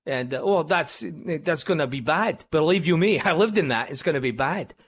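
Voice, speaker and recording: A man's voice: fairly high pitch, expressive, moderate pace, husky. A man hosting a political talk radio show, rambling with many fillers and restarts. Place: radio studio.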